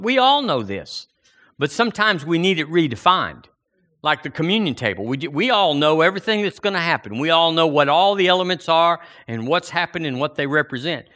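A man preaching a sermon in an animated way, his voice rising and falling as he quotes scripture and questions the congregation. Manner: animated preaching, swinging pitch and volume.

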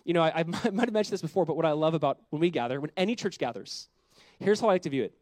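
A male pastor preaching a sermon in an animated way, asking the congregation questions and dropping to a soft voice on quiet points. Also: fairly high pitch, rapid-fire, no echo. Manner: drops to a soft, quiet voice on reflective lines.

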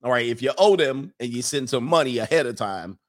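Fairly quick and medium-pitched, this podcast host answers questions from viewers of his stream in a relaxed way. His delivery is lively, full of laughter, with points repeated for emphasis.

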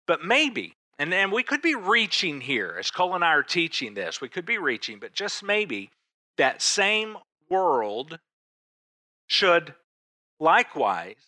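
A man preaching a conversational sermon, asking rhetorical questions and pausing for emphasis. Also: fairly high pitch, pushed and bright, no room sound. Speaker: pastor.

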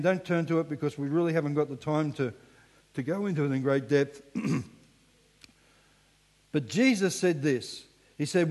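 Male pastor, higher-pitched voice, animated sermon delivery, recorded with long hall reverb. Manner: animated preaching, drops to hushed emphasis, acts out voices. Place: church hall.

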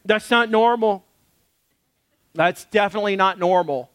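High-voiced pastor, casual preaching. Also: male voice, unhurried, dry recording. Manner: casual, animated preaching with acted-out quotes. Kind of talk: sermon.

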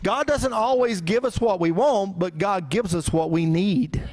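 A man's voice: high-pitched, measured pace, darkish tone, faint music behind. A male pastor preaching a sermon in a conversational way, full of rhetorical questions. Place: church.

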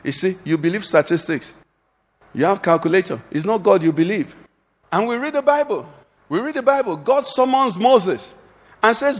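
Male pastor, high voice, call-and-response sermon style, long church reverb. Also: lively intonation, brisk, creaky. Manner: preaching with call-and-response questions, rising to shouts.

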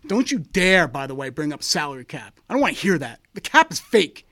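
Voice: medium pitch, sing-song, a little fast, a bit bright. A sports talk co-host ranting sarcastically and in exasperation about a football team's offseason. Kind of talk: sarcastic fan rant on football.

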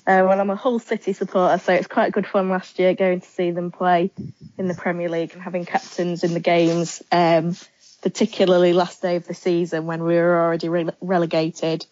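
A woman guest on a podcast chats in a relaxed way, answering with plenty of ums. Her voice sits a little low, dry and close, and the sound is slightly dull and lo-fi. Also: a little fast, dry recording. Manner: relaxed, chatty, many ums. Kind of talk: casual interview chat.

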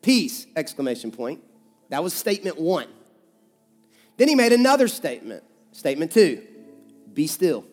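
A male pastor with a Kentucky accent preaching a conversational sermon, swinging between emphatic loud stretches and hushed ones. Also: on the high side, big pitch swings, moderate pace, pauses often. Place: church sanctuary. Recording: church hall reverb with soft music.

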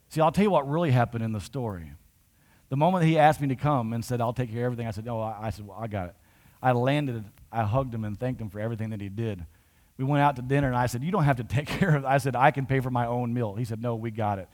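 A man's voice: medium pitch, brisk. A man pastor telling a story in a conversational sermon, building to emphatic points.

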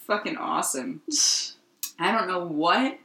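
A young woman co-hosting a podcast, telling stories in a casual, animated way, laughing and swearing often. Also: on the low side, a little slow, creaky, roomy sound, a loud crowd. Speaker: podcast co-host. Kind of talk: casual chat.

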